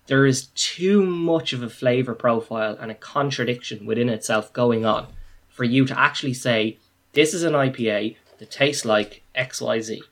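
Animated man, casual chat. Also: mid-range voice, normal speed. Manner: animated, acts out reactions. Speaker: podcast co-host.

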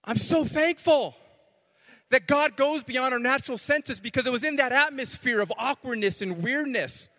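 Male pastor, high-pitched, animated preaching in a big reverberant church. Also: moderate pace. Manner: animated, repeats words, swings loud to soft. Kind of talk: sermon. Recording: long hall reverb.

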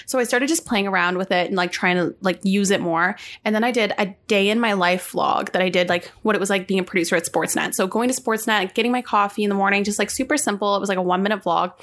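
A young woman in her twenties from Canada, telling animated stories in casual chat as a content creator, full of fillers. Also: medium pitch. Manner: fast, animated storytelling with many fillers.

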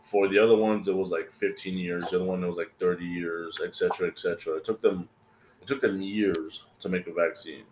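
Low, steady, and darkish in tone, this Californian podcast host talks briskly in a reverberant space with slight background noise. He rambles through profane, casual conversation, imitating his friends' words.

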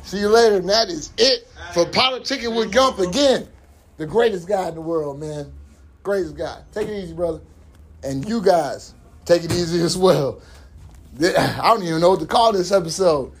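A man with a strikingly high voice hosts a loose podcast chat. He tells his stories with lots of laughter and profanity, keeps the energy animated, and slips into quick voiced quotes. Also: a little hiss or hum. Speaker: podcast host. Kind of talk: casual chat, storytelling.

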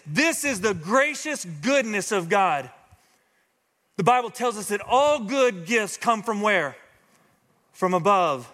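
A male pastor preaching a sermon, talking straight to his congregation in a lively, engaging way. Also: sits high, slow, big-room sound.

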